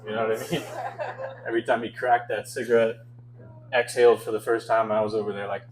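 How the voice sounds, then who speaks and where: A man's voice: medium pitch, flat delivery, fast talker, slight background noise, low-quality recording. Young male stand-up comic, wry. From Canada. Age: 20s. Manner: self-deprecating, wry storytelling with frequent chuckles. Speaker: stand-up comedian. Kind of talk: stand-up comedy set. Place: comedy club stage.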